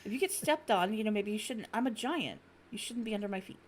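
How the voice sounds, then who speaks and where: Medium in pitch and quick in pace, this podcast host is a woman in her thirties who spins stories animatedly. The chat is casual, and she swears freely.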